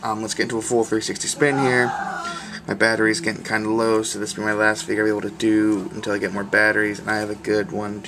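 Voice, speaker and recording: Here is a man with a fairly low voice, talking casually and eagerly through a toy review in loose, slangy sentences. His words wander from point to point, and a faint hum of noise sits behind him. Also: monotone, fast talker. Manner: enthusiastic, slangy, rambling.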